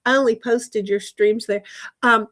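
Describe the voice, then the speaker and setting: A woman's voice: on the high side, fairly even intonation, unhurried, fairly bright tone. Woman rambling on a backyard livestream, lots of restarts, cusses casually. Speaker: streamer reading chat. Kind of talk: casual live-stream chat. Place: backyard outdoors.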